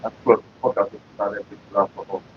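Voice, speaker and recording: A man's voice: lowish voice, flat delivery, racing, phone-quality sound, slight background noise. A man vlogging casually, rambling in profane, mock-exasperated rants. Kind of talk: casual smoking-session vlog.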